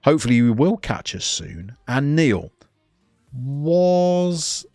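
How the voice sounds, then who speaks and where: A man's voice: mid-range voice, sing-song, slow pace, a little mellow, dry recording, soft background music. A man streaming a football management game, chatting casually and reading out chat messages as he goes. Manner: chatty, reads chat aloud, self-interrupting.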